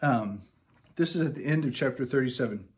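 Male preacher, mid-range voice, informal sermon delivery, animated asides, frequent restarts. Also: mid-range voice, fairly quick. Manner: conversational and animated, with restarts and scripture read aloud. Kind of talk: casual sermon.

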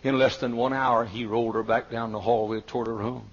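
An older man with a Southern American accent preaches a sermon, telling a story in hushed tones before rising to shouted peaks. His voice is husky and rough. The recording is a muffled, lo-fi archival tape. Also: mid-range voice, little pitch movement, fairly quick. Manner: storytelling preacher who swings from hushed asides to shouting climaxes. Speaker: pastor.

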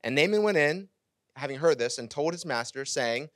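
A male pastor preaching a sermon, retelling a scripture story with animated, casual asides. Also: on the high side, moderate pace, no room sound, clean studio sound.

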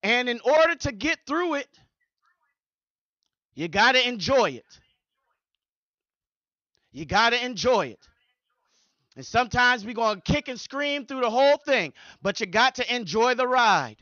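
High bright-voiced preaching pastor. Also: male voice, big pitch swings, measured pace, long pauses, no echo, lo-fi sound. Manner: preaching with repeated rhythmic phrases. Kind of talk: sermon.

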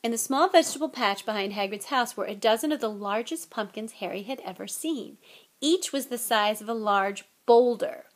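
A woman reading a novel aloud as audiobook narrator, in a steady storytelling manner. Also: fairly high pitch, moderate pace.

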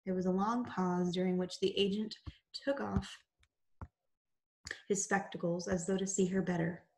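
A woman teacher reading a novel aloud to her class in a measured, unhurried narration. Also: mid-range voice, fairly even intonation, a little mellow, a little hiss or hum.

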